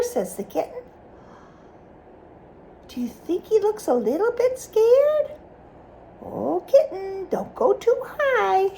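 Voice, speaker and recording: A woman's voice: very high voice, slow, vocal fry, pauses often, slight background noise. A woman reading a picture book aloud to a child, stopping often to ask questions about the pictures. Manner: animated, asks the child questions.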